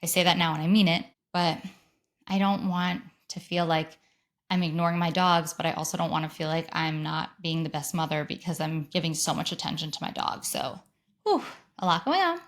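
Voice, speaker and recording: A woman in her thirties hosting a solo podcast, telling a story in an animated, gushing way and acting out what people said. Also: deep voice, brisk. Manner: animated, gushing storyteller who acts out quotes. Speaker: podcast host.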